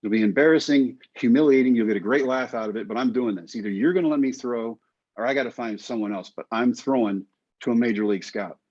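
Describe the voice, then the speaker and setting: A man's voice: mid-range voice, fast talker, a little mellow. A man being interviewed who tells his story with wry, self-mocking humor and acts out the dialogue. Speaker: guest. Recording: slightly dull, lo-fi audio.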